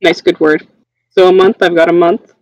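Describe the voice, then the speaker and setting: Deadpan gravelly tabletop player. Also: medium pitch, moderate pace, muffled recording, a crowd in the background. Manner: deadpan, dry replies. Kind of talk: casual role-play over voice chat.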